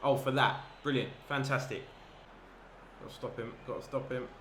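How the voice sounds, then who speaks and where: Excitable man calling a football game. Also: mid-range voice, moderate pace. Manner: excitable, bursts into shouts at chances. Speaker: gaming commentator. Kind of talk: live football game commentary. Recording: echoey room with background noise.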